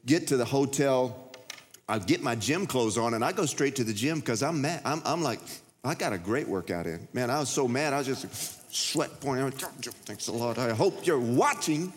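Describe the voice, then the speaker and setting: A male pastor preaching a sermon, telling stories in a folksy way that jumps to high, loud outbursts. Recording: church hall reverb.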